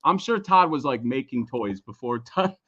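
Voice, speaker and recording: Excitable, swearing man on a lo-fi line. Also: mid-range voice, normal speed. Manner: excitable, swears often, stumbles and repeats words. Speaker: podcast guest, toy creator. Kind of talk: casual podcast chat.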